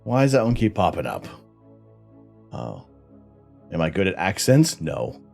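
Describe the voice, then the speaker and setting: A man's voice: sits low, very animated, unhurried, gravelly, a little mellow, soft background music. A middle-aged Canadian man hosting a live stream, chatty and self-mocking, laughing often as he reads out explanations and answers chat. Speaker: livestream host.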